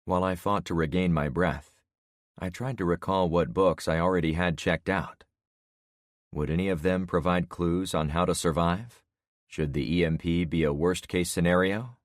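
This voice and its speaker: A man in his sixties narrating an audiobook in the first person with steady storytelling. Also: sits low, dry recording, studio quality. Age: 60s.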